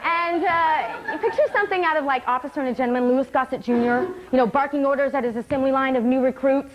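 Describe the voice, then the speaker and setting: Wry woman doing stand-up in a little theater, highish voice, laughs a lot. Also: quick pace, dull audio, crowd noise. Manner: wry, laughs between lines. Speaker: comedian. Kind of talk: stand-up one-woman show. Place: small theater stage.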